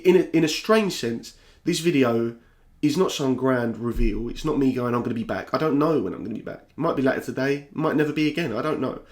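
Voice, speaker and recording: Young south london guy talking to camera, candid and a bit restless, keeps restarting his sentences, ordinary mid pitch. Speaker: YouTuber. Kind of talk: reflective talking-head vlog.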